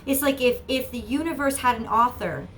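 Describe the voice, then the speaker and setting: A woman's voice: a little high, normal speed, a bit bright, slight background noise. Earnest woman giving a tarot reading. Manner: earnest, repetitive, encouraging. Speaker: tarot reader.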